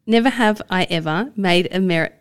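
A woman, a nurse co-hosting a podcast, chatting in a relaxed, self-deprecating way. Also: on the low side, normal speed, clean tone. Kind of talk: casual chat.

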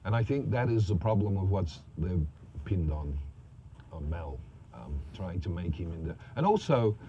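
A man's voice: lowish voice, lo-fi sound, slight background noise. A man telling profane, laughing anecdotes about his acting days in a casual interview. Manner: profane, laughing, animated storyteller.

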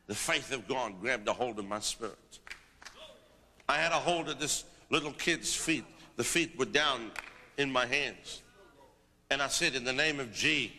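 Man preaching, very bright tone, long hall reverb, animated storytelling, middle-aged. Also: medium pitch, slight background noise. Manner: animated storytelling, rising into declamatory prophecy. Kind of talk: sermon with testimony and prophetic exhortation.

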